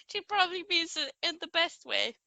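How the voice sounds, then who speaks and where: A woman co-hosting a true crime podcast in casual chat, giggly and quick to react. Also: very high-pitched, creaky, very noisy.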